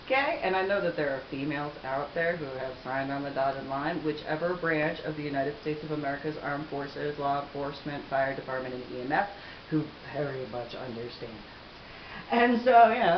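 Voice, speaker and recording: A woman vlogger telling a personal story to camera with animated delivery, frequent laughter and sarcastic asides. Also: low voice, measured pace. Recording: roomy, dull audio with faint hiss.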